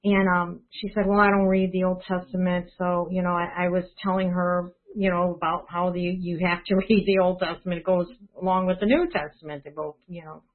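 A woman's voice: on the low side, little pitch movement, a little fast, few pauses. Hesitant woman on a tinny phone line. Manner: hesitant, many restarts and fillers. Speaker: church member sharing praises. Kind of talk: casual testimony.

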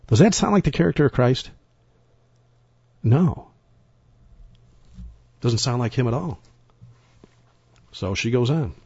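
Husky male preacher, lowish voice, dry dull lo-fi sound, emphatic and rambling. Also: lively intonation, slow pace, long pauses, a little mellow, no echo. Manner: emphatic, rambling, repeats words and restarts. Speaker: Bible teacher. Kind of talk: sermon-style Bible teaching.

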